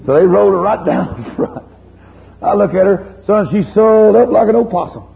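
A man preaching a sermon, telling a story in a lively, folksy way and chiding his listeners. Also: sits high, normal speed, vocal fry. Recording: dull lo-fi recording with faint hum.

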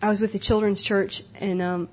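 A woman's voice: mid-range voice, level tone, moderate pace, a little hiss or hum. A young adult woman speaking at a conference breakout session, earnest and emotional, often repeating herself. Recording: dull lo-fi live recording.

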